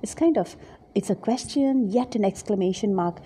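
Very mellow, gentle woman teaching scripture. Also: mid-range voice, a little hiss or hum. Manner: gentle, halting, repeats words, drops to soft whispers. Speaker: Bible teacher. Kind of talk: devotional Bible reflection.

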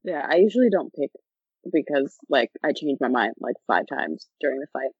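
A woman's voice: very deep voice, lively intonation, moderate pace, creaky, breathy edge, no room sound. A young woman co-hosting a podcast in casual chat, laid-back and joking, swearing casually. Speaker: podcast co-host. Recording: dull lo-fi dry sound.

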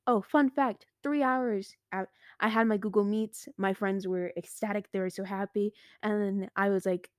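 A teenage girl hosting her own podcast, talking casually and excitedly with lots of "like" and "I was like", recorded close and dry. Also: medium pitch, moderate pace, few pauses, no room sound. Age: teens. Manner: chatty and excitable, heavy use of "like" and "I was like". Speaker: podcast host. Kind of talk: casual solo podcast monologue.

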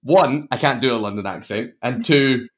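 A man with a Glaswegian Scottish accent, co-hosting a film podcast in casual chat, talking in an animated, self-interrupting way and laughing often. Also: mid-range voice, normal speed, noisy background. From Glasgow, Scotland. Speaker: podcast co-host discussing films.

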